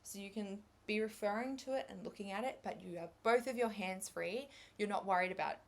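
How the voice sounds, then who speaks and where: A woman's voice: mid-range voice, a little fast, gravelly. Upbeat young Australian woman lecturing. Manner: upbeat, chatty, gives tips with examples and light laughs. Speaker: English exam lecturer. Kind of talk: recorded revision lecture.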